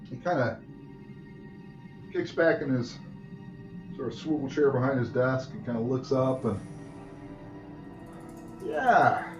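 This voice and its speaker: A man's voice: mid-range voice, normal speed, pauses often. A man running a tabletop game as game master, rambling with many fillers. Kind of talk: narrating a tabletop game over a call. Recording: roomy, distant, dull mic with faint music.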